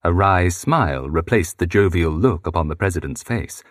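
Guy narrating an audiobook, deep voice that swings around a lot doing the characters. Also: lively intonation, moderate pace, dry recording, studio quality. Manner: shifts pitch to voice different characters.

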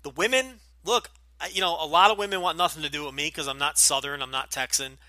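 A man's voice: a little high, fast, bright, forceful tone, dry recording. A middle-aged man with a light New Jersey accent, hosting a casual Q&A podcast, talking bluntly with lots of profanity and fillers. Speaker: podcast host.

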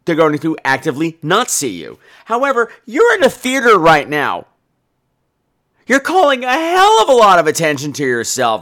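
A man's voice: on the high side, huge pitch swings, normal speed, pushed and bright. A man hosting a podcast, telling a profane, theatrical comic story. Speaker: podcast host.

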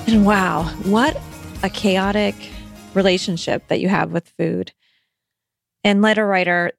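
A woman's voice: medium pitch, vocal fry, no echo, clean studio sound. A woman hosting a podcast, reading a listener's letter aloud and then giving reassuring, conversational advice with some hesitant restarts.

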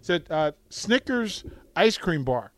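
A male radio host telling stories in casual call-in chat, swinging from loud to hushed. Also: a little high, slow pace. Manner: animated storytelling, dramatic swings from loud to hushed.

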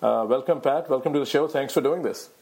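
A man from India hosting a podcast interview, eager and halting, with many fillers. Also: medium pitch, a little mellow, breathy edge. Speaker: podcast host. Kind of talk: interview questions.

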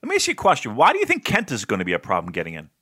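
A man's voice: mid-range voice, husky. A man co-hosting a casual podcast, joking and chatty, with his questions rising and falling widely. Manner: joking, animated, with a put-on slow describing voice at times. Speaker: podcast co-host. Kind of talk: casual podcast chat about wrestling.

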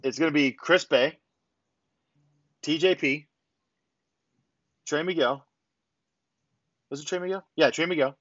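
A man's voice: fairly high pitch, unhurried, pauses often, no echo, muffled recording. A man co-hosting a podcast, casually recapping a wrestling show and acting out what the wrestlers said. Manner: animated recapping, acts out quotes. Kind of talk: casual chat.

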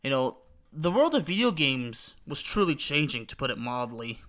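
A young Texan man hosts a podcast, rambling casually through nostalgic memories with plenty of restarts and fillers. His medium-pitched voice is a bit bright, moves at normal speed, and swings widely in pitch.

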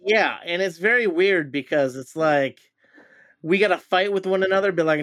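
A man co-hosting a casual podcast, rambling and joking as he goes. His voice sits a little high for a man. The recording is dry and close, with no room sound. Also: moderate pace, a bit bright, dry recording. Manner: loose, rambling, jokey. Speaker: podcast co-host. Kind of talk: casual chat. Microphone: home recording setup in a shed.

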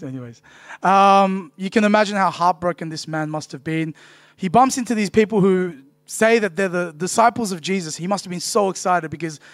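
A man's voice: on the high side, no room sound. A man, preaching a casual, joking sermon full of "right?" tags. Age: 30s. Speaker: pastor.

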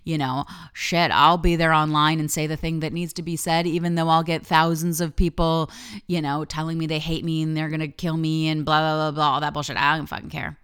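A woman's voice: deep voice, little pitch movement, a little fast, a bit bright, smooth. A woman life coach hosting her podcast, giving a candid, reflective personal monologue and swearing freely.

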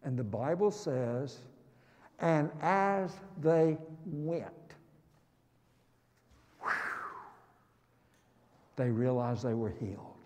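A man preaching a sermon in a dramatic, emphatic way, slowing down on key words and breaking into sudden loud exclamations. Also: mid-range voice, animated. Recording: long reverb of a large hall.

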